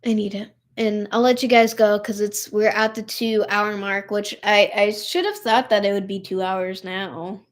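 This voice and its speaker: A woman's voice: medium pitch, steady tone, normal speed, hardly any pauses. A young adult woman chatting on a live stream, tired and upset, rambling with lots of "like" and "literally". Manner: emotional, tired, heavy use of "like" and "literally". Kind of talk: casual live stream chat.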